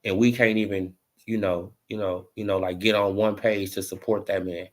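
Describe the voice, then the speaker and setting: In a casual boxing opinion rant, a commentary vlogger speaks with a fairly low pitch at a moderate pace. He uses lots of slang plus fillers like "bro" and "you know," and by the second half he's animatedly mocking.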